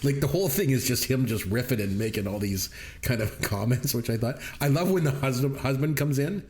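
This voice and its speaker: A man's voice: medium pitch, a little fast, darkish tone. A man co-hosting a movie review podcast, retelling scenes in a casual chat and laughing often as he goes. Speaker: podcast co-host.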